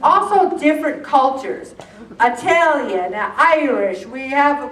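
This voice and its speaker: A woman in her sixties from the United States, giving an animated personal talk to a church support group with self-deprecating humor. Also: high voice, slow. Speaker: speaker at a faith-based support group. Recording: echoey room from far off.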